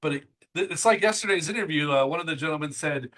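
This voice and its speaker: Bright-voiced excitable male host. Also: a little high, poor audio. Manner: excitable, talks fast in bursts. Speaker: interview host. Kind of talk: enthusiastic motivational chat.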